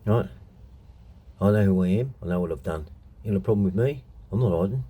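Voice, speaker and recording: Husky, gravelly-dark Australian man ranting. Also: deep voice, brisk. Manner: blunt, heated, profane ranting. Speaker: show host telling stories. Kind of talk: unscripted monologue.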